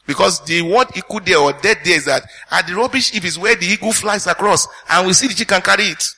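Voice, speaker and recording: A man's voice: high-pitched, quick pace, pushed and bright, breathy edge. A man preaching a sermon as pastor, teaching earnestly and putting questions to the congregation.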